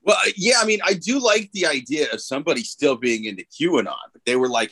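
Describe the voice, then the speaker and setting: A man's voice: on the high side, animated, a little fast, few pauses, fairly bright tone, husky, dry recording, rough recording. A man who is a stand-up comedian co-hosting a podcast, teasing and blunt in casual comedic chat.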